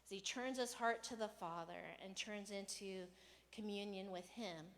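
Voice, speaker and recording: A woman pastor giving a casual, conversational sermon, animated and playful, sometimes raising her voice to act out a rant. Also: mid-range voice, normal speed, big-room sound, slight background noise. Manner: conversational, animated, acts out rants with raised voice. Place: church hall.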